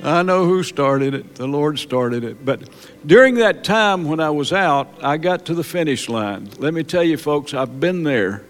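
A man preaching a sermon in church, halting and repeating words, then building to emphatic peaks. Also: fairly high pitch, lively intonation. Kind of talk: sermon testimony.

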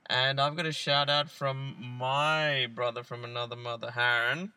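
Very bright-voiced man, easygoing. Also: medium pitch, steady tone, normal speed, clear, resonant tone, no room sound, far from the mic. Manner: easygoing, dry humour, lots of ums and uhs. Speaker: podcast co-host. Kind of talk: casual chat. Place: mobile studio.

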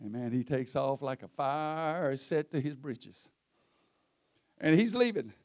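A man preaching a sermon, telling the story in a folksy way that swings between low murmurs and shouts. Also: expressive, slow pace.

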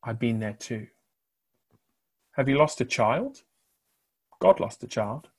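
A middle-aged man preaching a sermon with passion, building on rhetorical repetition and swinging between loud declarations and hushed phrases. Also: mid-range voice, expressive, slow pace, breathy edge.

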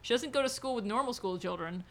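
A woman co-hosting a casual book chat, animated and quick to laugh. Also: a little high. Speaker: podcast co-host.

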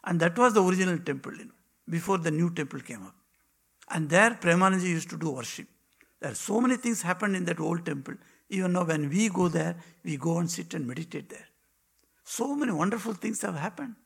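A man, a monk, telling devotional stories in a spiritual talk, with dramatic pauses and drops to a hushed whisper. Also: high voice, lively intonation, vocal fry, slightly rough. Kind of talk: devotional storytelling.

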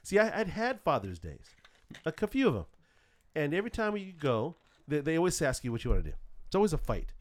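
Middle-aged male co-host, animated storyteller, higher, very expressive pitch. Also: quick pace. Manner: animated, acts out quotes with big pitch jumps. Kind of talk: casual storytelling chat.

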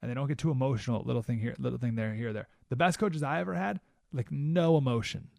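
A man's voice: mid-range voice, quick pace, creaky, a little mellow, no echo. A man hosting a talk radio show, giving an emphatic monologue full of rhetorical questions in a studio. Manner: emphatic, rhetorical questions, keeps asking "right?".

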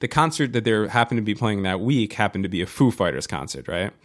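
A man's voice: lowish voice, expressive, quick pace. Rambling, cursing man telling a story. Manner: rambling, profane, many restarts and fillers. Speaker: podcast co-host. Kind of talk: casual storytelling chat.

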